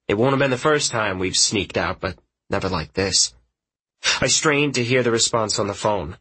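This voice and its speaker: A man narrating a first-person story in an audiobook, in a quiet, measured way. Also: lowish voice, lively intonation, husky, low-quality recording.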